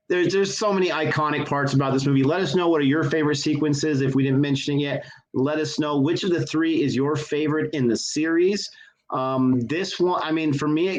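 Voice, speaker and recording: A man in his thirties talks eagerly about a favorite film in a casual review chat. His voice sits a little high, and he gushes about everything he loves. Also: rough recording. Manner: enthusiastic, gushing. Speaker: co-host of a movie review show. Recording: connection issues on the audio.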